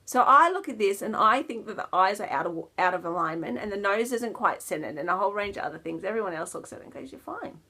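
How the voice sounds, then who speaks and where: A woman hosting a knitting podcast in a casual, rambling chat, with self-deprecating laughs and soft asides that drop almost to a whisper. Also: mid-range voice, lively intonation, fast, hardly any pauses, breathy edge.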